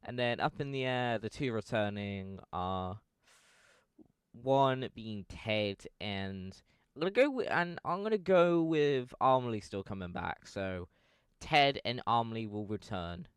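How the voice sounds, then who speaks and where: Slow, smooth-voiced young man rambling. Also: fairly low pitch, expressive, dry recording, studio quality. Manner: rambling, self-correcting, lots of fillers. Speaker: fan video commentator. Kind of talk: casual fan speculation commentary.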